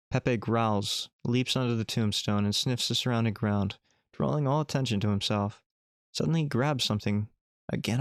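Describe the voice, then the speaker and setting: A man's voice: medium pitch, no room sound, clean studio sound. A man streamer reading a text adventure game aloud, with playful joking asides.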